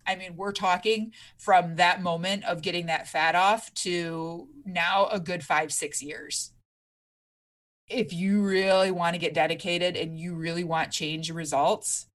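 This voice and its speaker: Woman, from Michigan, fitness coach, earnest, emphatic, lowish voice. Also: fairly bright tone. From Michigan, USA. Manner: earnest, emphatic, speeds up and slows down. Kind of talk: candid podcast interview storytelling.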